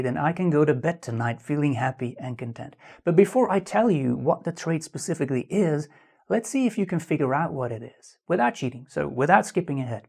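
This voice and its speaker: A man's voice: on the high side, vocal fry, darkish tone. A male author gives relationship advice straight to the camera. His delivery is earnest and conversational, and he keeps putting rhetorical questions to the viewer. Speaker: dating author and video host. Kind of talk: direct-to-camera advice talk.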